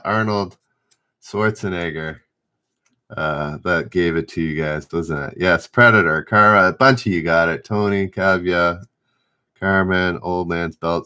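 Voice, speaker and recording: Slow-talking man hosting live trivia. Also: low voice, pushed and bright. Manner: reads questions aloud, stumbles and rereads, chats with viewers. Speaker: trivia host. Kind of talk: live-stream trivia chat.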